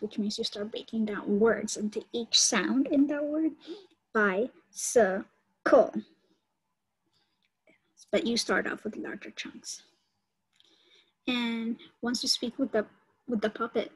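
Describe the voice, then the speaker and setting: Breathy woman explaining a lesson. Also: on the high side, poor audio. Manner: explains step by step, repeats key points. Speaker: college instructor. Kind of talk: online lecture on teaching.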